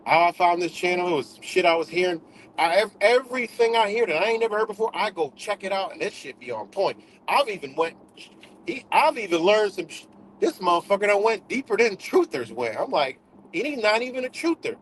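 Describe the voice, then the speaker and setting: Here the livestream host's voice is high and bright, swinging widely in pitch as he talks briskly through a profane, casual rant full of repetition for emphasis. The audio is poor, with a little hiss or hum underneath.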